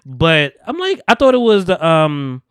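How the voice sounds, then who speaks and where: A man's voice: fairly high pitch, huge pitch swings, unhurried, smooth, dry recording. A man hosting a podcast, retelling a movie scene by scene in casual, profane chat and acting out the characters' lines. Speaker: podcast host.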